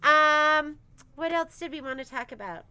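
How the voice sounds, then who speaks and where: Chatty high-voiced woman hosting a livestream. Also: expressive, unhurried, pushed and bright, lo-fi sound. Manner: chatty, laughs often, reads viewer comments. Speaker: shop owner hosting a livestream. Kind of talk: casual livestream chat.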